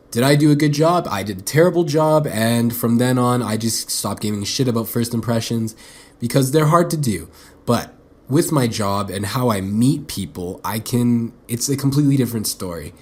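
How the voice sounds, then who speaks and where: A man's voice: fairly low pitch, a little mellow. A young man hosting a solo podcast, rambling bluntly, swearing a lot and poking fun at himself. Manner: profane, blunt and self-mocking; rambling, with frequent restarts. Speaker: podcast host.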